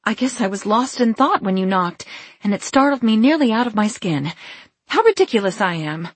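A woman reading the part of a flustered woman who keeps up a forced airy brightness. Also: medium pitch, very animated, normal speed, breathy edge, dry recording. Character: Edith, flustered woman hiding something.

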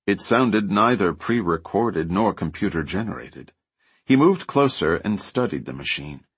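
Male audiobook narrator, low husky voice, animated delivery, dry studio sound. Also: a little slow, no echo. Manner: lively storytelling, voices characters lightly. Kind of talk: scripted narration.

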